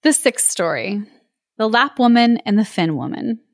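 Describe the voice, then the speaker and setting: A woman podcast host reading a fairy tale aloud, playful and animated with voices and laughs, breaking off to chat with her co-host. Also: on the high side, normal speed, dry recording, studio quality. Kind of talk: storybook read-aloud with chat.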